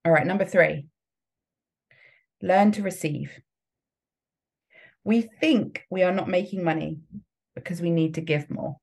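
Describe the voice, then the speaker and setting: A woman's voice: fairly low pitch, measured pace, gravelly, pauses often, a little mellow. A woman coach giving a motivational talk, emphatic and frequently laughing as she acts out the voices in people's heads. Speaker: business coach.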